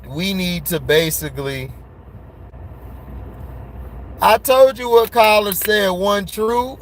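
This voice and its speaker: High-voiced excitable man ranting. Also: poor audio. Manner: blunt, excitable, laughs often between points. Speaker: sports commentary YouTuber. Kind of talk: casual sports commentary rant.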